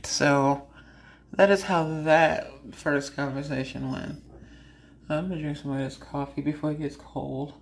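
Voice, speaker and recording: This woman hosts a podcast in a frank, casual chat, telling stories with frequent laughter and animatedly acting out her own side of conversations. Her voice is deep, creaky and unhurried, with a little hiss or hum in the recording.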